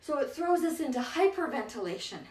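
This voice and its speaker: A woman's voice: high-pitched, big pitch swings, a little fast, a little mellow, distant mic. An out-of-breath woman, a spin instructor, coaching a bike workout and counting down intervals with encouragement. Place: indoors on an exercise bike. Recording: echoey room, voice off-mic.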